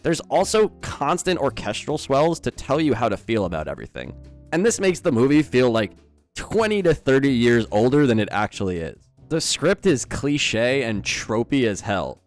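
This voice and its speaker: A man's voice: medium pitch, sing-song, moderate pace, faint music behind. Sarcastic young male film reviewer. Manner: sarcastic, incredulous. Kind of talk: scripted video review commentary.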